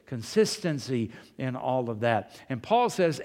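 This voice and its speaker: Folksy preacher in a reverberant hall. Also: male voice, medium pitch, sing-song, unhurried, darkish tone. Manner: folksy storytelling, rhetorical questions. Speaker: pastor. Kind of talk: sermon. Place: church sanctuary.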